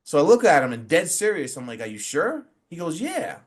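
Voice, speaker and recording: A man's voice: fairly high pitch, a little fast. A forty-year-old man, a wrestler and referee, speaking as an interview guest in a casual way, full of fillers and acting out quotes as he tells stories. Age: 40s. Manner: animated storyteller who acts out quotes, many fillers.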